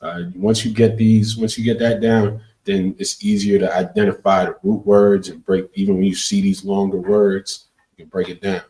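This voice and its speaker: A man's voice: fairly low pitch, level tone, normal speed, mellow, distant mic. A man steadily explaining Hebrew prefixes and root words in a class. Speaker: Hebrew teacher.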